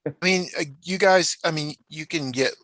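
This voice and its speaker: A man's voice: a little high, moderate pace, fairly bright tone, no echo. A man in a casual group chat who keeps asking curious questions. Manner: curious, asks many questions.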